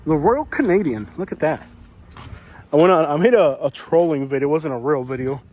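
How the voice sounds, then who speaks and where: A man's voice: a little high, animated, fairly quick, darkish tone. A man vlogging as he walks an outdoor street, chatty and rambling, with many fillers. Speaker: YouTuber. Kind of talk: walking vlog commentary. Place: outdoors on a storm-damaged street. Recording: faint outdoor street noise.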